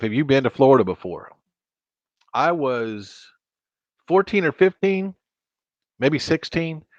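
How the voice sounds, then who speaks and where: The audio is muffled and free of room sound: a man with a mid-range voice chats casually with viewers on his live stream from a home studio at his computer, rambling and restarting his sentences.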